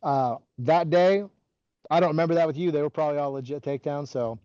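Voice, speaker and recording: A man in his forties talks as a podcast guest, his voice mellow and relaxed as he rambles through stories with constant "like" and restarts. The recording is dry and a little dull, as if through modest gear. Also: on the high side, quick pace, dry recording. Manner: rambling, heavy use of "like" and restarts. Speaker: podcast guest, former wrestling coach. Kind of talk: casual interview storytelling.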